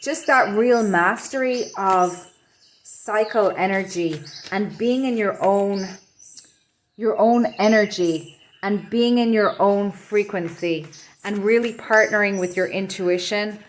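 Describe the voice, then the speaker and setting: A woman giving an intuitive tarot reading to camera from her home office, talking in a soft, meandering, reflective way. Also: medium pitch, slow pace. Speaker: tarot reader.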